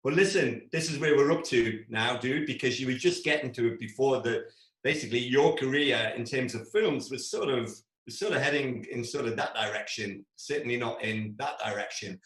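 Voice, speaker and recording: A male interviewer asking long, relaxed, rambling questions in a casual chat, often repeating words. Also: medium pitch, moderate pace. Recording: echoey room sound.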